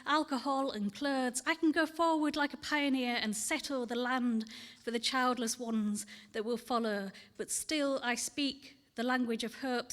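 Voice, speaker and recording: A woman gives a poetry reading at a festival event, her voice sitting fairly high. She speaks candidly and earnestly, with a measured reading cadence. A long hall reverb trails behind every phrase. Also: fairly bright tone. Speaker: poet. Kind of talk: poetry reading with personal talk.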